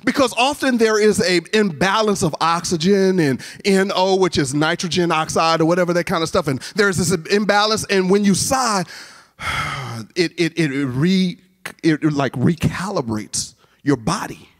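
A man with a high, light voice preaching at a college chapel. He tells his story with lots of animation and slips into the voices of the people in it as he goes. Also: expressive, moderate pace. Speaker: chapel speaker. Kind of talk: storytelling sermon.

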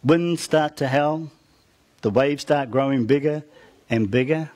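A man preaching, retelling a Bible story with dramatic rises and soft, trailing ends, turning to the listeners with asides. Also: medium pitch, measured pace. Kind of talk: storytelling sermon.

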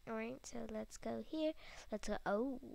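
A woman's voice: on the high side, normal speed, vocal fry, a little mellow, a little hiss or hum. A woman hosting a casual gameplay video, chatting to herself and her viewers with frequent giggles and whispered asides. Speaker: gaming video host.

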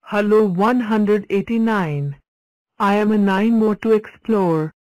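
Cartoon number block, female voice, higher pitched, very slow, dry. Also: no echo, lightly acted, poor audio. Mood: plain. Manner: slow, flat self-introductions. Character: cheerful talking number block.

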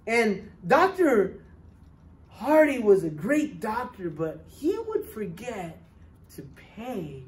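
A woman telling a missionary story to children at church, with animated and dramatic shifts in loudness. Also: medium pitch, slow pace.

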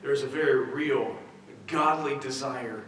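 A man's voice: medium pitch, unhurried, fairly bright tone, slight background noise. A man pastor giving a conversational sermon in a church, full of restarts and rhetorical questions. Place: church sanctuary. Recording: very echoey church hall, mic at a distance.

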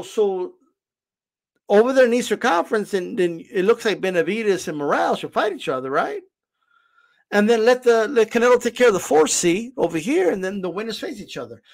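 A man hosting a reaction commentary who argues his point hard and keeps asking "right?". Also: high-pitched. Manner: argumentative, keeps repeating "right?". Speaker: channel host reacting to a clip.

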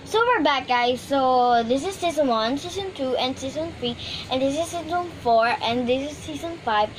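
A woman casually chatting through a toy unboxing, rambling and hesitant with many fillers. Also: sits high. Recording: noisy room background.

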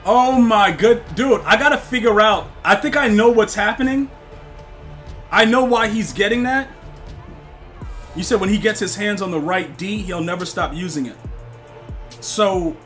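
A young man streaming a football video game live, chatting with his viewers, excitable and slangy, often repeating himself. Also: high voice, measured pace, long pauses, soft background music.

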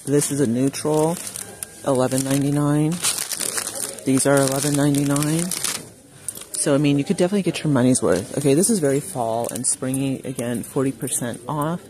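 A man's voice: medium pitch, a little fast, mellow, a little hiss or hum. Chatty man filming a store walkthrough. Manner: chatty, enthusiastic, reads out prices. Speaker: shopping vlogger. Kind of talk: casual shop-with-me walkthrough. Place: inside a large craft store.

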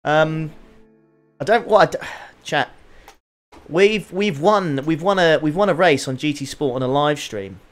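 Lively joking man streaming. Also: a little high, measured pace, faint music behind. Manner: excitable, joking, swears freely. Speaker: sim racing streamer. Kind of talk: casual live-stream commentary.

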